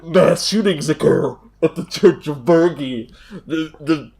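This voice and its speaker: A man with a slightly high voice banters and jokes through a casual comedy chat. He sets up scenes quickly and teases his co-hosts. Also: a crowd in the background. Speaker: podcast co-host.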